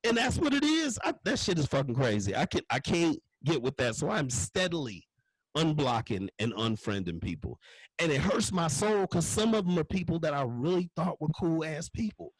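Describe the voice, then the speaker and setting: A middle-aged male stand-up comedian rants in a husky, fairly high voice. His pitch jumps all over as he swears his way through each point. The sound is dry and close. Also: normal speed, dry recording, poor audio. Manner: profane, animated, ranting with frequent curse words.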